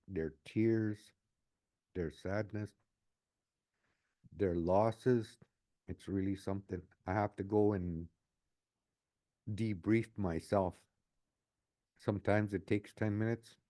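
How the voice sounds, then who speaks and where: A man's voice: on the low side, dark tone. A man in his late sixties talking earnestly in an interview as a community advocate, often repeating his phrases. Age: 60s. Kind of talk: reflective interview talk.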